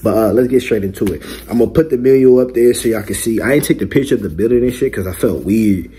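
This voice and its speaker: A man's voice: on the low side, quick pace, dark tone, slightly rough. A young man casually chatting to his viewers in a mukbang vlog from his bedroom, joking and boastful, full of loose slang. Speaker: mukbang vlogger. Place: his bedroom lit with colored LED lights.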